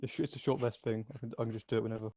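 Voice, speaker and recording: A man's voice: medium pitch, fairly even intonation, racing, dark tone, no echo. A man playing in an online tabletop game, eager and explaining rules, with frequent restarts. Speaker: player. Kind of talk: casual chat during an online game.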